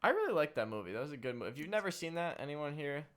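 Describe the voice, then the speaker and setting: A man's voice: on the high side, sing-song, racing, a bit bright. A young man co-hosting a casual podcast chat, laid-back and tired, swearing freely and calling people bro. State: tired, yawning. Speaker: podcast co-host.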